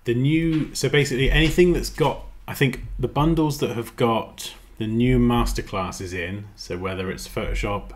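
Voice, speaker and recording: A man's voice: mid-range voice, moderate pace, hardly any pauses. A man chatting casually on a design livestream, rambling and muttering as he works. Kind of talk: casual livestream chat while editing.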